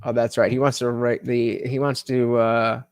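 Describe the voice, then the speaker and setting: A man's voice: medium pitch, level tone, normal speed, no echo. A man hosting a casual political livestream, thinking aloud with many fillers and restarts as he reads chat comments. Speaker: livestream host.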